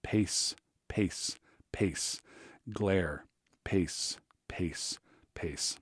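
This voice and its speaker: A man narrating his memoir in a measured, reflective way. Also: low-pitched, darkish tone, no room sound, clean studio sound.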